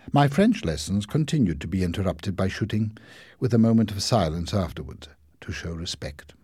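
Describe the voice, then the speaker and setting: A man reading a storybook chapter aloud as narrator, expressive and rising in the exciting scenes. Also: low-pitched, normal speed, husky, dry recording, clean studio sound.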